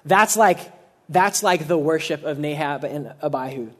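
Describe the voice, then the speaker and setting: A man's voice: a little high, moderate pace, a bit bright. A young man preaching a sermon in a casual, conversational way, often saying "like" and acting out the people he quotes. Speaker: pastor.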